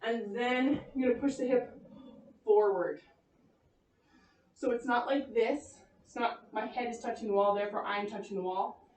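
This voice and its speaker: Woman fitness instructor, high voice, winded, chatty and upbeat, recorded from across an echoey home room. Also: normal speed, long pauses, darkish tone, distant mic. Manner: encouraging, chatty, laughs often. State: out of breath. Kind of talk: leading a home cardio workout.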